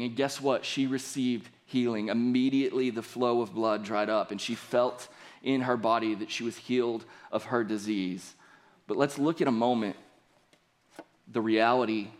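A young man delivering a Sunday sermon in an earnest, steady voice. He reads scripture aloud and then presses his points with rising emphasis. His pitch sits at an ordinary middle for a man. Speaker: pastor.

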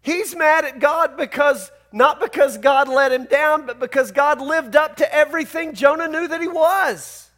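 High-voiced man preaching a sermon. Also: normal speed, few pauses, fairly bright tone. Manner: conversational, emphatic preaching with rhetorical questions. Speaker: pastor.

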